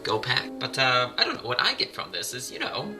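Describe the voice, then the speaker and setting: A man talking casually to his viewers, rambling and wry, with dry asides. His voice sits at an ordinary middle pitch. Clear music plays behind him the whole time. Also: huge pitch swings, fairly quick. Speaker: vlogger. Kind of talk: casual vlog commentary. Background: music playing.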